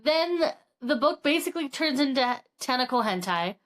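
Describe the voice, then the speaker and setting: A woman with a high, bright-pitched voice chats casually as a podcast co-host. She retells a story animatedly, jumping into little acted-out quotes as she goes. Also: lively intonation, normal speed. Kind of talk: casual chat, book discussion.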